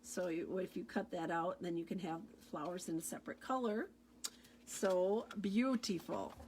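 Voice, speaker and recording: A woman's voice: lowish voice, moderate pace, a little mellow, a little hiss or hum. A woman demonstrating stamping supplies in a chatty, gushing show-and-tell, repeating her praise of each item. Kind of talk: casual product show-and-tell.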